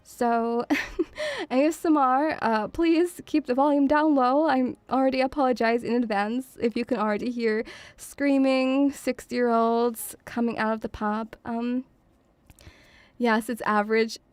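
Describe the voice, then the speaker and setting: A woman's voice: fairly high pitch, fairly even intonation, a little slow, a little mellow, no room sound. A woman streaming as a VTuber, chatting in a playful, doting, rambling way. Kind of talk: casual debut stream chat. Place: home room, near pubs.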